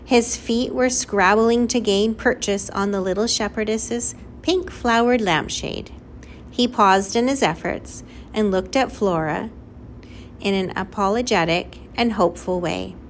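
A woman reading a children's novel aloud as narrator, in a clear, lively storytelling manner. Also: medium pitch, measured pace, a little hiss or hum. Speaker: audiobook narrator. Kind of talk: scripted narration.

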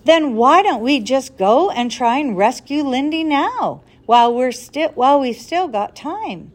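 A woman's voice: sits high, expressive, unhurried, pitched above the performer's own voice. A woman voicing a bold, determined boy who argues insistently. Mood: urgent. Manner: insistent, pleading.

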